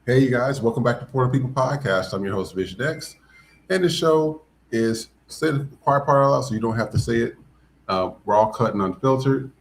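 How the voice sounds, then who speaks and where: A man's voice: medium pitch, a little fast, slight background noise. A man hosting a podcast, giving blunt, profane, emphatic commentary. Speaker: podcast host. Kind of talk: casual commentary.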